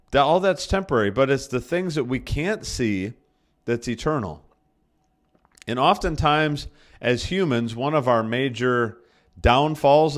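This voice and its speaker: A man, a pastor, preaching a sermon in a conversational way, restating his points for emphasis and often correcting himself mid-sentence. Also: mid-range voice. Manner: frequent self-corrections and restarts.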